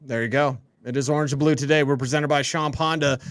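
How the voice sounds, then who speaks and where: A man's voice: mid-range voice, fairly even intonation, quick pace, no room sound. A man hosting a casual sports radio show. He wraps up with breezy, upbeat patter.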